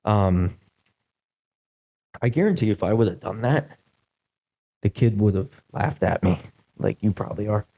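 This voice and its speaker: A young man hosting a podcast, telling a casual story in an animated way, with lots of "like" fillers. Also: on the low side, a little slow, pauses often, dull audio. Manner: animated, acts out quotes, many "like" fillers. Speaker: podcast host.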